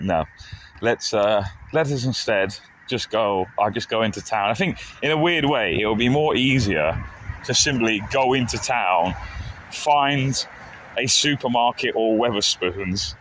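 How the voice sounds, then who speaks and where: A man's voice: on the low side, a bit bright, rough recording. A man, live-streaming a casual, rambling story with jokes and lots of restarts. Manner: rambling and jokey, with many restarts. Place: outdoors on town streets. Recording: outdoor street noise. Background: traffic and street ambience.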